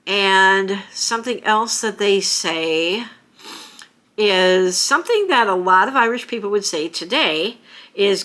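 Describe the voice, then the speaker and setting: A woman's voice: mid-range voice, expressive, takes it slowly, pushed and bright. An American woman talking casually to camera as a vlogger, chatty, with frequent fillers and small laughs. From United States.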